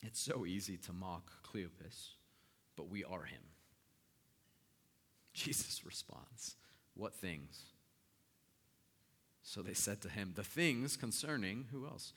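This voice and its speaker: A male pastor preaches with a bright, forceful voice. He retells the story with animated swings between soft, slow lines and loud, emphatic ones. A long hall reverb trails after every phrase. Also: fairly low pitch, slightly rough. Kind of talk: sermon.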